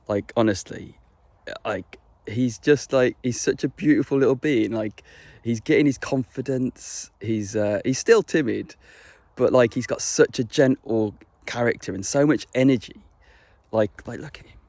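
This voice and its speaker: A man's voice: medium pitch, a little slow, a little mellow, dry recording. A young man chatting casually to camera, rambling and swearing, full of fillers and restarts. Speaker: vlogger.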